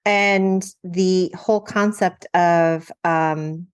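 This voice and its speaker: A woman's voice: on the low side, steady tone, extremely slow, clean tone. A woman who trains detection dogs, hosting a casual podcast chat and thinking aloud in a reflective way. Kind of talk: casual conversational discussion.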